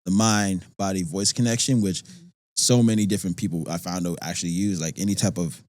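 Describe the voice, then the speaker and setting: Dry, low-voiced excitable male actor. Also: brisk, dry recording. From Nova Scotia, Canada. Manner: animated, rambling with many fillers, laughs easily. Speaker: actor guest. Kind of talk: casual podcast conversation.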